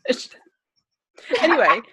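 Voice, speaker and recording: An Australian woman in her thirties hosting a casual podcast chat over a video call, chatty and quick to laugh. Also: noisy background. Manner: chatty, laughs often, animated storytelling. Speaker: podcast host. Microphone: desk microphone on a video call.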